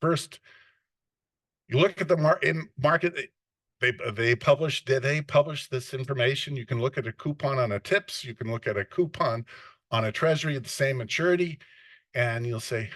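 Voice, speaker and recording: A man's voice: mid-range voice, a bit bright, no room sound. A man giving an unscripted classroom lecture on finance, often restarting and correcting himself mid-sentence.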